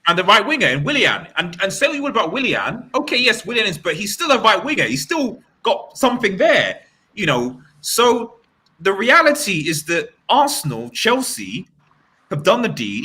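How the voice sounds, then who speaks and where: A man hosting a live-stream football chat, talking in an animated, rambling way with many restarts. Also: high-pitched, normal speed. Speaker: fan channel host.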